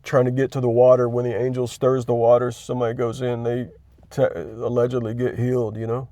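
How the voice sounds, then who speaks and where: A man hosting his own channel, talking candidly and emotionally about his faith, halting and restarting as he gets worked up. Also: medium pitch, level tone, warm tone, no room sound. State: chronic pain. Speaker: Christian video host. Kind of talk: emotional personal reflection.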